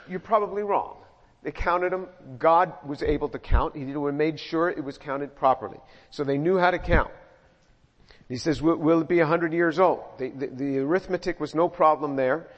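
A middle-aged man preaching a verse-by-verse sermon in a conversational way, often repeating words as he goes. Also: on the high side. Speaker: pastor. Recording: muffled sound in a reverberant hall.

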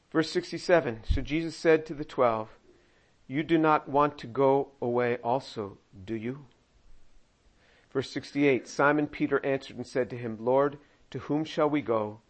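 A man preaching a sermon, reading scripture aloud and acting out the quoted lines with humor. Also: mid-range voice. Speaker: pastor.

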